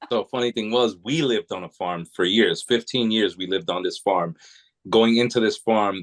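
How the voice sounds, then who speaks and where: A man from New England, guesting on a podcast, spins long, rambling stories casually and keeps restarting. He has a lowish voice, and the audio quality is poor.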